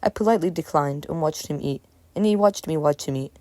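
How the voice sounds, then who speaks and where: Low, mellow woman narrating. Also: normal speed, no echo. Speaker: horror story narrator. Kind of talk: calm scripted narration.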